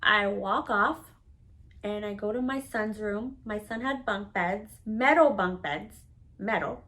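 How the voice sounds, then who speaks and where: A woman telling a personal story to camera in a casual, candid, profane manner, animated and dramatic. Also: mid-range voice, measured pace, rough recording. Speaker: storytelling vlogger.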